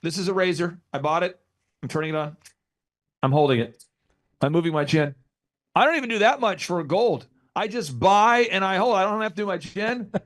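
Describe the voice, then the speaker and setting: Animated man in his forties, storytelling. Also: sits high, fairly quick. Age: 40s. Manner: energetic storyteller who acts out quotes. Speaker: business consultant, guest. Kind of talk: podcast interview.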